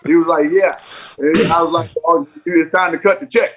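A man's voice: on the high side, fairly even intonation, normal speed, noisy background. A man and former baseball player, a podcast guest, telling stories emphatically and repeating phrases for effect. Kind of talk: casual podcast interview.

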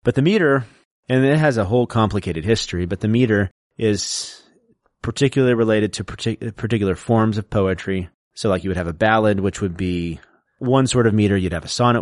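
Lecturing podcast host, man with a lowish voice and a dry, close sound. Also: dry recording. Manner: lecturing, recites verse slowly to show stress. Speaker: podcast co-host explaining poetry. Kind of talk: casual explanatory chat.

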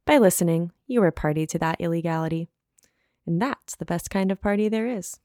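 A woman reading a scripted mock legal warning, her voice a little low for a woman. She delivers it in a solemn announcer manner, recorded dry and close with no room sound. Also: fairly quick, warm tone, dry recording.

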